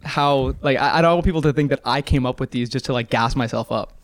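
An Australian man guesting on a podcast, joking at his own expense and laughing. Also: mid-range voice. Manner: self-deprecating, quick, laughing. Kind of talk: casual podcast chat.

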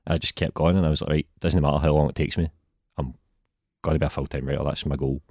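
A man in his thirties with a Glaswegian accent and a very deep voice, chatting casually as a podcast guest and laughing easily. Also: steady tone, quick pace, darkish tone, no echo, clean studio sound. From Scotland. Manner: laid-back, laughs easily. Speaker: guest writer.

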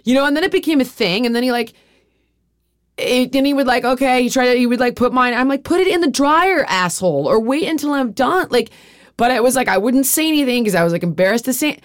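A middle-aged woman hosts a podcast and talks fast in a slightly high voice, candidly confessing personal things, swearing freely and often saying "like." The recording is studio quality with no echo.

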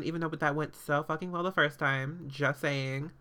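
A woman's voice: low-pitched, steady tone, normal speed, hardly any pauses, fairly bright tone, smooth. A woman hosting a podcast, recapping a show in casual, sarcastic chat full of fillers and swearing.

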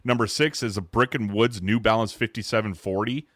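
A man hosting a casual sneaker podcast, swearing freely, restarting sentences and breaking into loud mock outrage. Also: on the low side, a little fast, no echo, studio quality. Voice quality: profane, restarts often. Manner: excitable, loud outbursts when mock-outraged. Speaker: podcast host.

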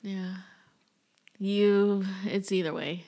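A woman's voice: mid-range voice, steady tone, very slow, dark tone. A young woman in a casual, chatty conversation, lightly teasing. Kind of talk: casual chat.

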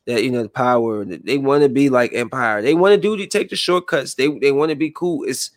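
In a room with a window, a man with a medium-pitched, fairly quick voice reads news headlines aloud in a flatter tone, then rambles and vents about them conversationally. He stops to react along the way. The sound is clean studio quality with no echo.

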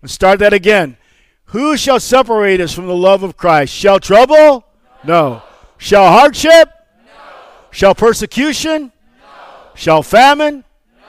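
A man's voice: high-pitched, clean tone, no echo. A male pastor preaching an emphatic sermon, leading the congregation in call and response.

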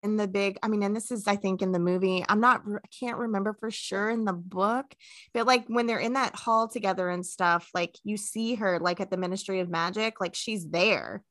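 Bright, animated woman podcast host. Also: mid-range voice, normal speed, no echo. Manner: animated and chatty, laughs often, swears, mimics others' speech. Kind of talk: casual chat.

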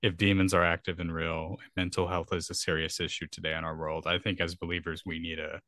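A man's voice: deep voice, little pitch movement, brisk, pushed and bright, no room sound, studio quality. A young man co-hosting a podcast, talking earnestly in a rambling, casual way with frequent restarts. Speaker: podcast co-host. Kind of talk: casual conversational discussion.

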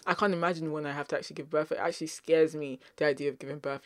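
Animated young woman ranting, dry sound. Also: deep voice, fast talker, hardly any pauses, no echo. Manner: expressive, animated, laughs between lines. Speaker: podcast host. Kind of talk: casual rant to listeners.

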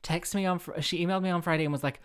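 A woman with a low-pitched voice rambling through a casual solo monologue. She mocks herself, laughs often and trips over restarts and filler words as she goes. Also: fairly even intonation, racing, clean tone. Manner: chatty, self-mocking, giggly, many fillers and restarts. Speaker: solo show host and harpist.

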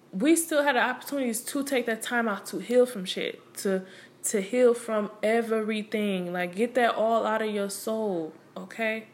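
A young woman talking casually to camera, candid and blunt, full of "you know" and "like" and plenty of cursing. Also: on the high side. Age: young adult. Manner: candid, blunt, and streetwise, with frequent profanity; conversational, with many fillers like "you know" and "like". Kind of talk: casual opinion monologue.

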